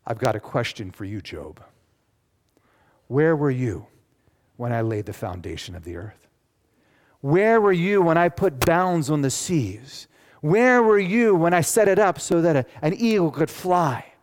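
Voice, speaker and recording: A man's voice: on the high side, expressive, measured pace, voice pushed up. A male pastor voicing God as a firm, commanding questioner. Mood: firm questioning. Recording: long church reverb.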